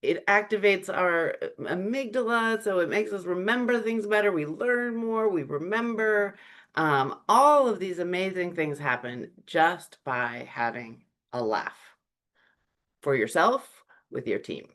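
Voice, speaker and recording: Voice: medium pitch, expressive, a little slow, fairly bright tone. Webinar presenter on a video call who tells anecdotes and acts out quotes, with lots of "um"s. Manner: storytelling, acting out quoted remarks; frequent "um" fillers. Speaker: webinar speaker. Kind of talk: presentation on humor in leadership.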